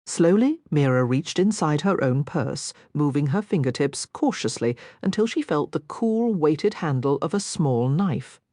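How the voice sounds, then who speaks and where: A woman narrating an audiobook in a scripted, expressive reading on a close mic. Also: low voice, a little slow, few pauses, no room sound.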